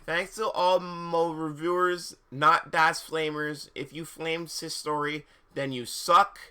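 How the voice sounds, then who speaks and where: A man's voice: on the high side, little pitch movement, slow pace, pushed and bright, clean tone. A man reading fan fiction aloud on a live stream, breaking off for sarcastic, incredulous asides. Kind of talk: mocking dramatic reading with commentary.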